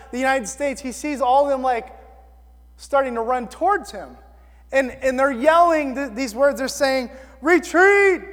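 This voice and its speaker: A man delivers a sermon in a loose, chatty way, joking at his own corniness as he retells a story. His voice sits very high for a man. The sound carries a long reverb, like a large hall. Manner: casual, self-deprecating preaching with animated storytelling. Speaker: pastor.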